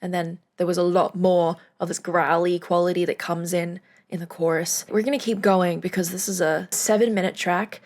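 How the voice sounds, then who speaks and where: A woman's voice: on the low side, flat delivery, moderate pace, hardly any pauses, darkish tone. A woman vocal coach giving casual reaction commentary on a song, chatty and thinking aloud with small laughs.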